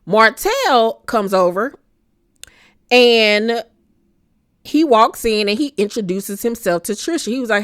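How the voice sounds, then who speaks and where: A young adult woman giving casual, profane commentary that recaps a reality show, blunt and animated, with plenty of slang and asides. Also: fairly high pitch, moderate pace, no room sound, clean studio sound. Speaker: recap vlogger.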